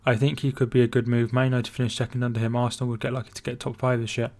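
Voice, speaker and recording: A man's voice: medium pitch, little pitch movement, very fast, darkish tone. A man with a Scottish accent hosting a casual football livestream, reading viewers' messages aloud and answering them. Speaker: football stream host.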